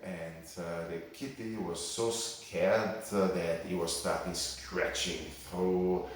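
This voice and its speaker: A man's voice: sits low, steady tone, takes it slowly, background noise. A man with an Italian accent narrating a travel story in English, hesitant and full of fillers and restarts. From Sardinia, Italy. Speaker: cycling vlogger. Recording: echoey, distant mic.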